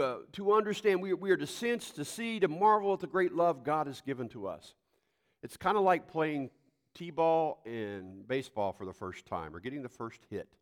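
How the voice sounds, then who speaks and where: An older man preaching a sermon, folksy and animated, telling homespun stories and sometimes breaking into loud outbursts. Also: a little high. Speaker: pastor.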